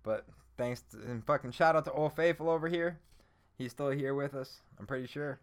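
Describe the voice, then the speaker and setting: A man's voice: mid-range voice, brisk. A young man hosting a podcast, chatting loosely about a movie with frequent swearing and bursts of laughter. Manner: excitable, profane, laughing bursts. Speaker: podcast host. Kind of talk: casual movie chat.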